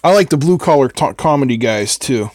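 A man's voice: mid-range voice, expressive, a little fast, darkish tone, no room sound. An older man hosting a live electronics build who chats casually and rambles, answering viewers between soldering steps. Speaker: host of an electronics build stream. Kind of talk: casual chat while soldering.

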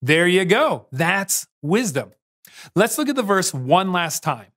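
A man's voice: high-pitched, sing-song, slow, fairly bright tone. A man hosting a children's church lesson as a playful, teasing quizmaster. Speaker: children's church game host. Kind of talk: lively kids' lesson game show.

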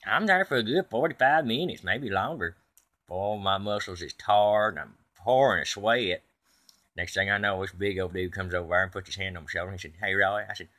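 In a comedic monologue, a man with a fairly low, bright, forceful voice spins a comic tall tale in a folksy, rambling way. When he quotes others, he does it in his own voice.

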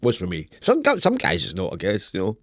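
Laid-back Scottish man, very low voice. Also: huge pitch swings, a little fast, no room sound, clean studio sound. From Scotland. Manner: laid-back, wry, self-deprecating. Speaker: author guest. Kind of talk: casual interview.

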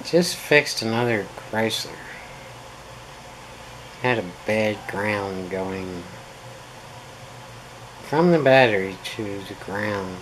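Man, low register, rambling wry vlog chatter over steady air-conditioner hum. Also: slow, long pauses, rough recording. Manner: rambling, wry, self-mocking. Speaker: pool instructor.

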